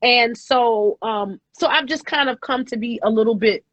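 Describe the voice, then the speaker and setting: A woman in her forties speaks in a measured, reflective way, pausing on fillers as she works through her thoughts. Her recording sounds dull and dry, with little room tone. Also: fairly high pitch, a bit bright, no echo. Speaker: guest. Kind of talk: reflective casual chat.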